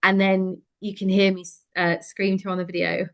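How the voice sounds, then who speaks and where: A woman telling a personal story in conversation, frank and lively, with many fillers. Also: mid-range voice, moderate pace. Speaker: interview guest.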